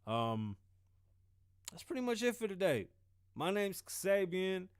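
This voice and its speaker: Profane, animated man hosting solo. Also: high-pitched, measured pace, clear, resonant tone, no echo, studio quality. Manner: profane, animated, laughs often. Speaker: podcast host. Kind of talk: solo casual monologue.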